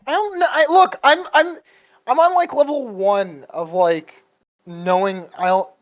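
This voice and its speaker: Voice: medium pitch, fairly even intonation, measured pace, muffled recording. A podcast co-host in casual chat, flustered and insistent.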